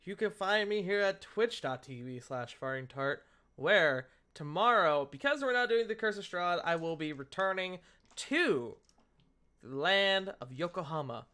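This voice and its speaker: A man's voice: high-pitched, animated, a little slow, bright, forceful tone, smooth. A man hosting a live stream, chatting casually, laughing and swearing. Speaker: host.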